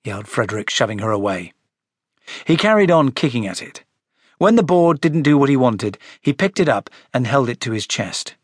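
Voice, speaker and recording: Animated male storyteller for a kids' book, dry close studio sound. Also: medium pitch, normal speed, breathy edge, dry recording. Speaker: audiobook narrator. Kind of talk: scripted children's story narration.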